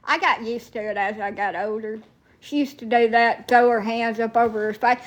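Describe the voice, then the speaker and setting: A woman's voice: a little high, steady tone, moderate pace, a bit bright. Foul-mouthed woman ranting. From Alabama, USA. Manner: profane, blunt, rambling. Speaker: TikTok storyteller. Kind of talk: casual storytelling rant.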